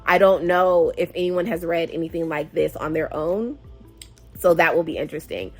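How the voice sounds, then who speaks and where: A woman's voice: lowish voice, fairly even intonation, normal speed, soft background music. A woman hosting a casual book club vlog, chatty and emotive, often sighing as she reacts to the story. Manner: chatty and emotive, with frequent sighs.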